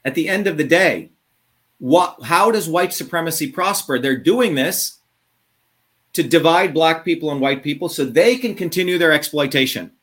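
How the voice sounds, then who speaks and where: Combative, ranting man, slightly high voice. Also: lively intonation, a bit bright. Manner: combative, ranting, profane, swings from fast to drawn-out. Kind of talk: impassioned interview talk.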